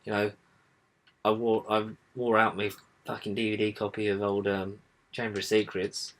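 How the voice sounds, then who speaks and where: A man's voice: on the low side, level tone, moderate pace, fairly bright tone, slight background noise. A young man co-hosting a casual podcast, rambling with lots of fillers and the odd swear word. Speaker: podcast co-host. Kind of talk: casual chat.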